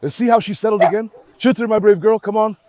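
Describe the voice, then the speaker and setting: A man hosting a dog vlog, who excitedly pleads with and scolds his dogs, then calmly comments on their behavior. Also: sits high, quick pace, background noise. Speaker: dog owner and channel host. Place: outdoor garden with dogs.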